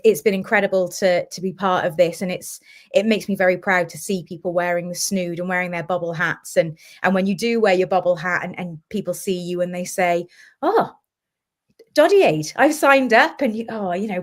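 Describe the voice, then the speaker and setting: A woman with a Welsh accent, a guest in a live chat, telling lively stories and acting out the voices of people she quotes. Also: medium pitch. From Wales. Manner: animated storyteller, acts out quoted voices. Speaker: guest, Wales team captain. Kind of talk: casual live chat, storytelling.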